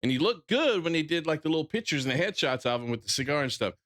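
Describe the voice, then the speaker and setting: A man's voice: fairly high pitch, big pitch swings, fast talker, a bit bright. A man with a Southern drawl ranting bluntly on a casual livestream, swearing freely and often restarting his sentences. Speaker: streamer.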